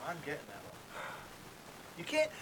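A man's voice: fairly high pitch, moderate pace, background noise. A man co-hosting a live sports podcast, wearing headphones and teasing the others. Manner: teasing, lively. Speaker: podcast co-host. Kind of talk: rowdy sports banter.

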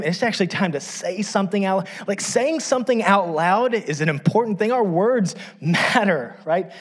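A middle-aged pastor with a slightly high voice preaches a sermon conversationally, making frequent asides to the congregation and using self-deprecating humor.

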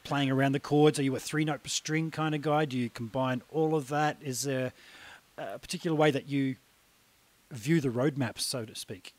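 A man's voice: medium pitch, fairly even intonation, normal speed. A man hosting a casual interview, friendly, asking long rambling questions. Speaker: interview host.

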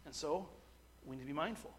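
A middle-aged man preaching a sermon, earnest and halting, with frequent restarts, at times building to forceful emphasis. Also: fairly high pitch, breathy edge. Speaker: pastor.

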